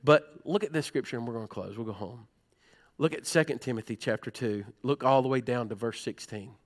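A middle-aged man, preaching a sermon in a church with animated, folksy storytelling and humor. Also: mid-range voice, a little fast. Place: church sanctuary.

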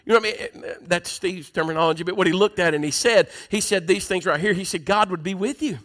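A man's voice: sits high, fast talker, a bit bright. A man preaching a sermon in a folksy, conversational way, often asking the congregation questions.

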